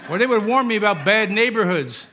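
Middle-aged pastor, New York accent, ringing tone, chatty sermon full of wisecracks. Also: male voice, high voice, expressive, a little fast, sharp tone. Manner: joking, conversational preaching with asides.

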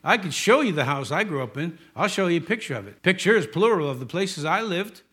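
Middle-aged pastor, New York accent, ringing tone, chatty sermon full of wisecracks. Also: male voice, on the high side, lively intonation, brisk, a bit bright, slightly rough. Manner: joking, conversational preaching with asides.

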